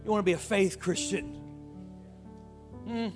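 A man's voice: sits high, steady tone, unhurried, faint music behind. A man preaching a sermon to his congregation, calling out to them and breaking into playful asides. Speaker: pastor.

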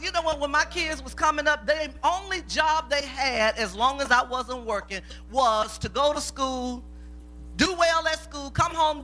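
A woman's voice: sits high, pushed and bright. A woman preaching in a plain-spoken, folksy way about mothers and children. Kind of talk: sermon.

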